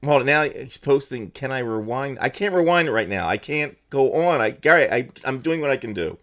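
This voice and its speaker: A man's voice: mid-range voice, lively intonation, a little fast, fairly bright tone. A man co-hosting a comedic chat show, flustered and apologetic while juggling the stream. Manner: flustered, apologetic, laughing often. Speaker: co-host running the stream.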